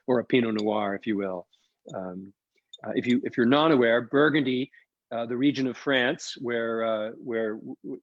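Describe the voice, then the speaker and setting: An eager, talkative man walks viewers through a wine tasting, explaining each sip as he goes. His voice sits at a middling pitch. It comes through a dull, dry video-call feed. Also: no room sound. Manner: enthusiastic, chatty, explains as he tastes. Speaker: winery co-founder presenting a tasting. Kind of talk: live online wine tasting presentation.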